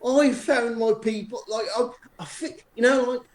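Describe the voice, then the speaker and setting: Speaking at a moderate pace in an extremely high, steady voice, a man spins a long, casual story for friends on a live stream. He keeps restarting sentences and mocking himself, and the recording has echo and faint noise.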